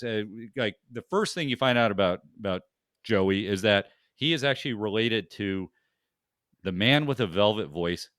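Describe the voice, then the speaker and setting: A middle-aged man hosts a casual podcast chat, stopping and restarting as he rambles. His voice sits low. It is recorded dry and close. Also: fairly bright tone, no room sound. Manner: rambling, many fillers and restarts. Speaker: podcast host.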